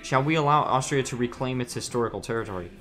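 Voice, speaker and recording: A man's voice: medium pitch, quick pace, fairly bright tone, soft background music. Man thinking aloud over a strategy game. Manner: musing aloud, hesitant, frequent restarts. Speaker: streamer. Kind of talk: casual game commentary reading chat.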